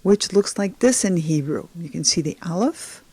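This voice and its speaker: A woman with a voice on the low side, lively intonation, and a mellow, breathy edge talks at normal speed with no echo. As a Hebrew teacher, she narrates beginner slides slowly and patiently, directly encouraging the viewer.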